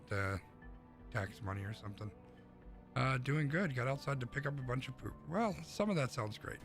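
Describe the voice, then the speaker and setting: A young male streamer rambles casually to his chat while playing, his voice carrying some gravelly fry. Game music sits clearly behind him on a home streaming mic. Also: mid-range voice. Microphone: streaming mic through a mixer. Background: game music and game sounds.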